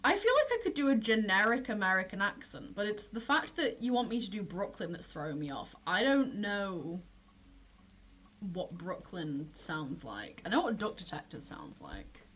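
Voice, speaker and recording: A woman's voice: medium pitch, very animated, normal speed, fairly bright tone, slightly rough. A young woman streamer chatting casually and self-deprecatingly while she plays a detective game, often giggling. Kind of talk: casual gameplay commentary.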